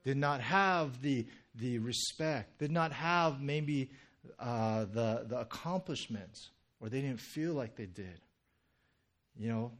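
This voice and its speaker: A man's voice: mid-range voice, slow pace. A young male pastor giving a casual, conversational sermon, full of "you know" and "right?", joking with the congregation. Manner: chatty and animated, heavy "you know" and "right?" fillers, jokes with congregation.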